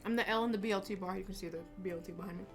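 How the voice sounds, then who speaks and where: She talks rapid-fire in a steady, medium-pitched voice while faint music plays behind. Hosting a casual livestream from a small home studio, she rambles, restarts frequently and laughs, heard through a desk camera mic.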